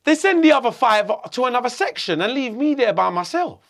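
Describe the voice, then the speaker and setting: A middle-aged man from England, telling a story in an interview, animated and swearing a lot. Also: extremely high pitch, brisk. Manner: animated, swearing, acts out voices. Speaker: guest.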